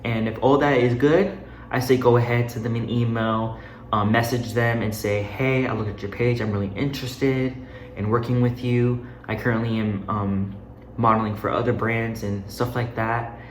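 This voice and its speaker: A man's voice: mid-range voice, fairly even intonation, normal speed. A young man giving casual modeling advice while walking around a room, a little out of breath, chatty with loose restarts. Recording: echoey room, faint noise.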